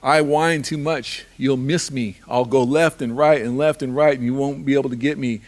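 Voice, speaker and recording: A man's voice: medium pitch, fairly even intonation, normal speed, lightly acted. Man doing a taunting boastful snake.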